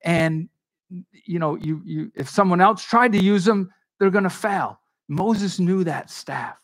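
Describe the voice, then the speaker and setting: A man preaching a sermon in a conversational, animated way, acting out the dialogue of Bible figures. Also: sits high, a little slow. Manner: conversational with frequent restarts and asides. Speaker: pastor.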